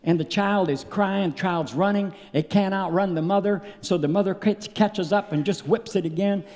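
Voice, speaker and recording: A middle-aged man preaching a sermon at a tent meeting, telling a personal story and building to loud, emotional peaks. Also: high-pitched, moderate pace, big-room sound. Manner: storytelling, rising to loud emotional peaks, acting out his story with sound words.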